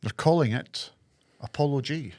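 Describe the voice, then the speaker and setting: A man's voice: mid-range voice, moderate pace, darkish tone. Scottish male co-host, loose analytical chat, repeats himself, mid-range voice. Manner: rambling, analytical, repeats words. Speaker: podcast co-host. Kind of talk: casual football chat.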